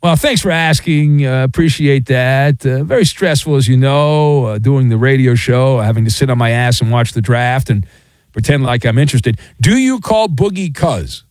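A man's voice: mid-range voice, animated, normal speed, darkish tone, no room sound. A middle-aged man hosting a radio show, rambling and joking as he reads listener messages. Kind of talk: casual sports radio talk. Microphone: studio microphone.

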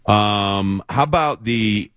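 A man hosting a radio talk show, chatting casually in an animated, playfully skeptical way. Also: lowish voice, slow pace, clean tone, dry recording, clean studio sound. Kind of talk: casual on-air banter.

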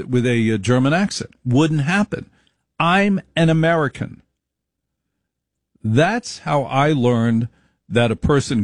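A middle-aged man telling a story in a monologue, emphatic and repetitive, slowing down to stress his points. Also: mid-range voice, no room sound, clean studio sound.

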